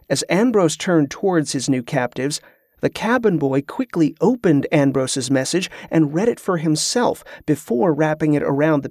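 A man's voice: on the high side, a little mellow, no echo. Dry-sounding male audiobook narrator.

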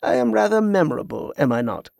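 A man voicing an old pirate, speaking low in a wry, courtly way. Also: very animated, fast talker, vocal fry, a little mellow, dry recording, studio quality, heavily acted. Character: old, wry, one-fingered male pirate.

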